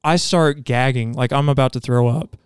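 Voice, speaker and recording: Smooth-voiced man telling an earnest story. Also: medium pitch, steady tone, moderate pace, dry recording, studio quality. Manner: earnest, rambling storytelling with many restarts. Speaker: podcast co-host. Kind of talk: personal testimony told in casual chat.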